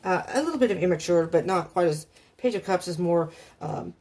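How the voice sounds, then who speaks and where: A woman's voice: on the low side, expressive, brisk, darkish tone. A woman giving a casual tarot reading for her viewers, rambling and emotional, often talking to herself as she turns over cards. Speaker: tarot reader.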